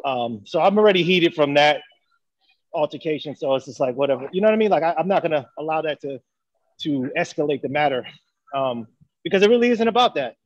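A man's voice: a little high, expressive, a little fast, dry recording, muffled recording. A man co-hosting a casual debate chat, speaking earnestly and thinking aloud with many fillers. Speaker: podcast co-host.

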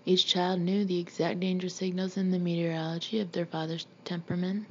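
Woman narrator for a novel, mellow, steady read, slightly dull recording with faint hiss. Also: on the low side, a little fast. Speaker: audiobook narrator. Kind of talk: scripted narration.

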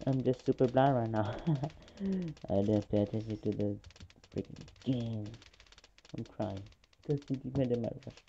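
A woman chatting excitedly through live gameplay commentary, swinging between groans and gloating. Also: rumbling low, a little slow, highs cut off, a little hiss or hum. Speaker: gaming channel host.

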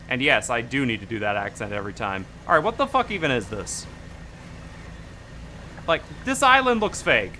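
Bright, lively male gaming streamer. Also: fairly high pitch, moderate pace, pauses often, a little hiss or hum. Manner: animated, swearing, talking back to game characters. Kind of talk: casual gameplay commentary.

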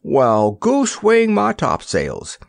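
A man's voice: a little high, huge pitch swings, normal speed, gravelly, no room sound, studio quality, voice pushed up, full character voice. A man playing a hearty, blustery old sea captain with salty sailor talk in an audiobook.

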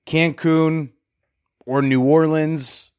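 A man's voice: a little high, little pitch movement, very slow, a little mellow, clean tone, dry recording, studio quality. A man hosting a podcast, telling a story in a candid, self-reflective way and swearing casually. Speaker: podcast host.

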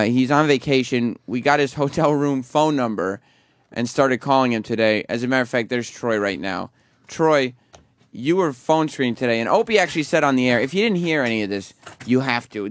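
A man hosting a casual radio talk segment, questioning staff in quick bursts. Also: mid-range voice, no room sound. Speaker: host.

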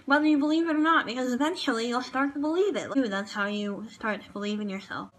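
Bright, gushing young-sounding woman. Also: on the high side, fast talker, rough recording. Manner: gushing and rambling, many fillers. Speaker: vlogger reviewing a TV dance show. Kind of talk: casual chatty review.

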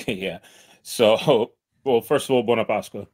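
A man's voice: fairly low pitch, a little slow, darkish tone. A man with a New York accent, a supporters club organizer talking through events as a podcast guest, detailed and methodical. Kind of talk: casual podcast chat.

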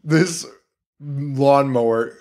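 A man's voice: mid-range voice, extremely slow, a little mellow. A man co-hosting a horror movie podcast, retelling scenes in casual chat and popping into quoted voices. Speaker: podcast co-host.

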